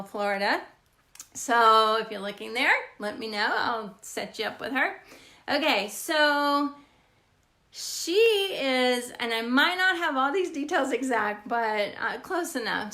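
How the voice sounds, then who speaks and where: Middle-aged woman, real estate agent; high, bright, unhurried, animated storyteller. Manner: animated, laughs often while telling stories. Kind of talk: casual storytelling to camera.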